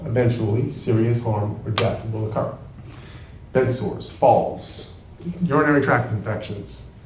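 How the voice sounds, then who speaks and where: A man who is a trial lawyer, giving an emphatic talk to an audience in a large room, heard from a distant mic. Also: mid-range voice. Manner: emphatic and animated, with quick bursts. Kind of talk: presentation to an audience. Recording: echoey room, voice from far off.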